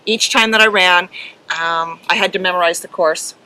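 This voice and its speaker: A middle-aged woman co-hosting a casual podcast, telling a story earnestly and emotionally, with halting ums. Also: fairly low pitch, fairly even intonation, pushed and bright, low-quality recording. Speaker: podcast co-host and herding judge.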